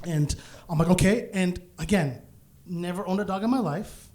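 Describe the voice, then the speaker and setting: A man performing stand-up comedy on stage in front of a live audience, telling a story in an animated way and acting out the people in it. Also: sits high, moderate pace. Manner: animated, acts out voices, bursts into shouts.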